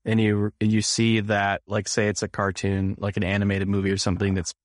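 A man co-hosting a podcast chats in a relaxed way, filling his sentences with "like." His voice is fairly low. The recording is dry and close. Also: brisk, no echo. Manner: easygoing, filler-heavy, lots of "like". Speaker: podcast co-host. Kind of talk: casual podcast chat.

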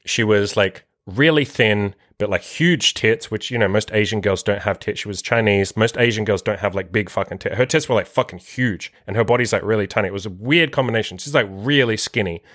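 A man's voice: fairly low pitch, fairly quick, few pauses, a bit bright, no echo, clean studio sound. A young man hosting a podcast, telling a casual story in a crude, profane way and leaning heavily on the filler word "like". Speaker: podcast host.

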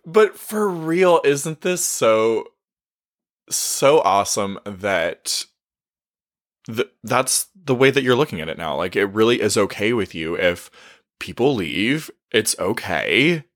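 A man's voice: on the low side, very animated, slow pace, a bit bright. A man hosting a podcast as a coach, talking casually and enthusiastically affirming his guest. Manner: enthusiastic, affirming, laughs often.

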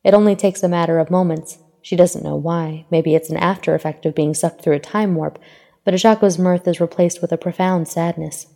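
Low gravelly woman narrating fan fiction. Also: fairly even intonation, a little fast, warm tone. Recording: long hall reverb.

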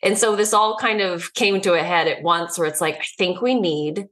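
Speaking at normal speed, this podcast co-host has a lowish, slightly bright voice. She shares a story in a candid, relaxed chat and is quick to laugh.

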